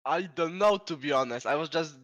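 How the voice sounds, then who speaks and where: A man answering post-race interview questions as the winner, short and modest, slightly halting. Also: fairly high pitch, fairly bright tone, dry recording.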